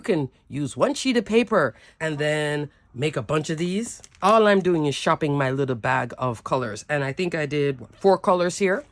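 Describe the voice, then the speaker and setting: A woman's voice: low voice, lively intonation, normal speed, few pauses. A woman hosting a papercraft channel, chatting casually and gushing with giggles as she shows off her handmade cards. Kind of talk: casual show-and-tell craft chat.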